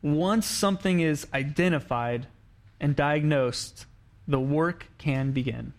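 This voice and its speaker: A man's voice: fairly high pitch, slow pace. A man giving a sermon as a pastor, talking conversationally and acting out quoted lines in the story he tells. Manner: conversational preaching, acts out quoted lines, frequent restarts.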